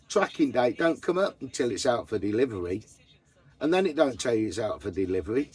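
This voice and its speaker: Man, husky voice, blunt sweary rant, casual van vlog. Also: mid-range voice, animated, normal speed, darkish tone. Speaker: vanlife vlogger. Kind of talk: casual chat to camera. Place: inside a camper van.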